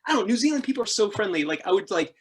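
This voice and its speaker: A man's voice: racing, husky. A man in his thirties, a podcast guest casually telling adventure travel stories, laughing often and acting out the people he quotes. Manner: animated, laughing, acts out quoted people with jumps in pitch. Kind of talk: casual storytelling interview.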